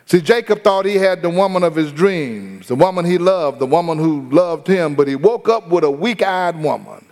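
A man's voice: a little high, normal speed, a little mellow, long reverb tail. A man preaching a sermon, retelling a story and putting questions to his congregation. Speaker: pastor.

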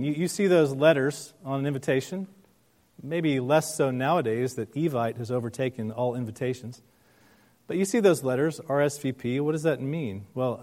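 A pastor preaching, reading scripture and telling a story, slowing down for emphasis. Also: male voice, mid-range voice, darkish tone. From United States. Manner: earnest, slows down for emphasis. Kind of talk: sermon.

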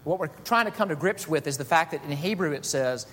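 A man preaching a sermon as pastor, emphatic, rising to high bursts on key words. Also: expressive, a little fast, a bit bright, in a large hall.

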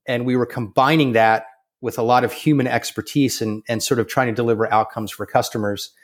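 A man being interviewed as a guest, talking in a relaxed way with many fillers and restarts. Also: medium pitch, a little fast. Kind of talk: conversational interview.

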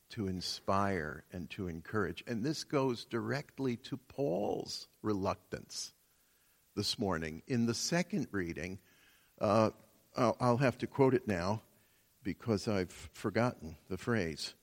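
Slow-speaking preacher in a reverberant church. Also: male voice, lowish voice, animated. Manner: slow, measured teaching with many pauses. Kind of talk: sermon. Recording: long reverb of a church hall.

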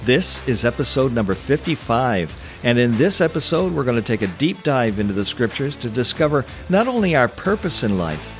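A man's voice: mid-range voice, very animated, moderate pace, few pauses, soft background music. A man hosting a Christian teaching podcast, speaking in an emphatic preacherly way with rhetorical questions. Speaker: podcast host and Christian coach.

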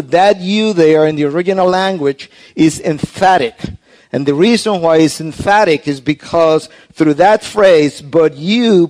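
A man preaching a sermon, explaining a scripture passage in an earnest, teaching way with frequent restarts. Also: fairly high pitch. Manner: hushed, soft prayer. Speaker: pastor.

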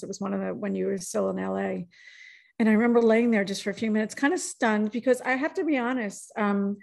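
Gravelly-voiced woman hosting a chat. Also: medium pitch. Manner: encouraging, conversational, personal and affirming. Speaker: podcast host. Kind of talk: casual interview chat.

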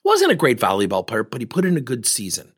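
A man with a husky, slightly breathy voice tells a coaching story to parents. His pitch swings widely as he acts out each person's lines in shifting voices. He speaks frankly and plainly. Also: huge pitch swings, fast talker, a bit bright. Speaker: volleyball coach and podcast host.

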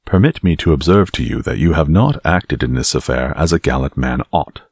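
A man voicing a polished young musketeer who speaks with measured, cold courtesy. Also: extremely low pitch, expressive, gravelly, a little mellow, slightly rough, dry recording, studio quality, heavily acted. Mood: stern.

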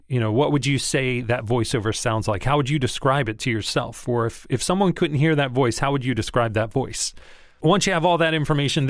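Male voiceover coach, mid-pitched, conversational teaching tone, dry studio sound. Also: no echo. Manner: conversational, encouraging, emphatic on key words. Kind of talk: instructional talk to camera.

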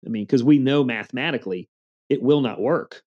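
A man's voice: medium pitch, brisk, a little mellow, lo-fi sound. A man in his forties telling earnest stories in a casual interview, with a motivational tone. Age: 40s. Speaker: podcast guest.

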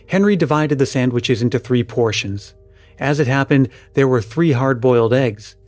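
A man's voice: mid-range voice, moderate pace, darkish tone, dry recording, faint music behind. Man reading a story, dry and close. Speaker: story reader. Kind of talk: storybook narration.

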